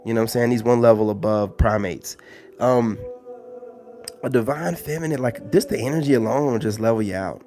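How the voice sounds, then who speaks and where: A man's voice: medium pitch, brisk, darkish tone, faint music behind. A man hosting a casual live stream, talking loosely with lots of slang and filler phrases. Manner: loose, slangy, full of "you know what I'm saying" fillers.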